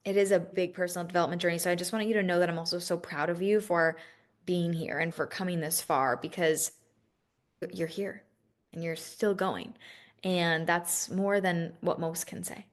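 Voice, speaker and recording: A woman's voice: lowish voice, steady tone, normal speed. A woman hosting a solo coaching podcast, talking candidly and emotionally, swearing freely and restarting her sentences. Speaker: business coach and podcast host.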